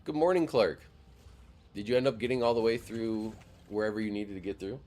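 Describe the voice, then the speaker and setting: A man's voice: on the low side, fairly quick, darkish tone. A young man from Wisconsin streaming a game and chatting casually with viewers, rambling with lots of fillers and swearing. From Wisconsin, near Madison. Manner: rambling, profane, full of "like" fillers. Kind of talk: casual live-stream chat while gaming.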